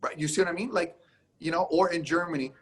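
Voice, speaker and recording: Husky-voiced man acting out conversations. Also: on the high side, a bit bright. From Canada. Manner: emphatic, acts out conversations in quick back-and-forth. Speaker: guest, business speaker. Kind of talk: casual podcast interview.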